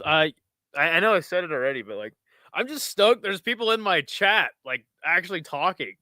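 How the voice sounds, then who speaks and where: A man's voice: a little high, smooth, dry recording. A young man streaming live fight commentary, chatting casually with his viewers and whooping at big moments. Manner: excitable, shouts and whoops at big moments, chatty asides to chat.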